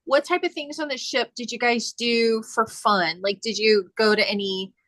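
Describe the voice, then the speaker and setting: A woman with a slightly high voice asks curious follow-up questions. The sound is dry and close, with no room echo. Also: steady tone, moderate pace, a bit bright. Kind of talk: casual chat.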